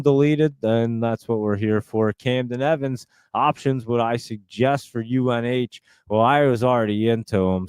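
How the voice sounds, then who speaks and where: A man's voice: lowish voice, a little mellow, clear, resonant tone, dry recording, clean studio sound. A man hosting a live stream, chatting casually and rambling as he reads out and answers viewer comments.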